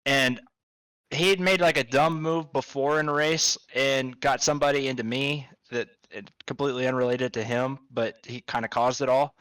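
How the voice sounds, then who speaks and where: A man's voice: medium pitch, fairly even intonation, normal speed, a bit bright, clean tone, no echo, rough recording. A man hosting a casual podcast, rambling through a story and swearing freely.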